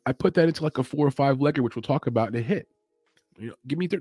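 A man's voice: mid-range voice, expressive, very fast, darkish tone, breathy edge, dry recording, soft background music. A man hosting a casual sports betting podcast, loose and chatty, thinking aloud as he goes. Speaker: MMA betting podcast host. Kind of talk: casual chat.

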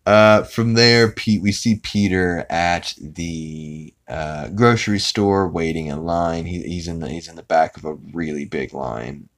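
With a very low, deep voice, this man recaps a cartoon episode on his podcast, rambling and laughing at the gags. He talks unhurriedly with hardly any pauses, though his speech is full of fillers and false starts.

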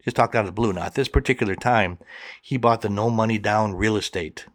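A man's voice: lowish voice, fairly quick, no echo, studio quality. A man telling a personal story in conversation, acting out both sides of the dialogue.

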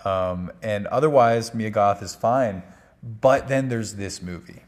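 A man's voice: fairly low pitch, slow pace. A man giving a casual, rambling spoken movie review, full of fillers and restarts. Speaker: film reviewer.

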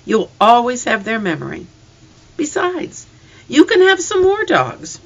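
A reader voicing a gentle, tender farm mother. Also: medium pitch, huge pitch swings, measured pace, gravelly, voice pushed up, exaggerated voice. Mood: soothing. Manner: soft, comforting. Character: gentle rural mother, middle-aged, tender and patient. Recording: slightly distant, dull lo-fi.

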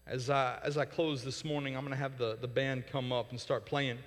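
A man preaching a sermon as pastor, impassioned, rising to loud peaks and falling to soft prayer, often restarting words. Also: medium pitch, level tone. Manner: repeats words in quick restarts. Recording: long hall reverb.

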